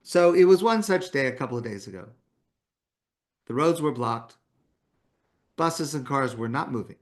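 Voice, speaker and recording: A man's voice: medium pitch, lively intonation, normal speed. A man giving a morning talk as a rabbi, telling a story in a conversational way. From Canada.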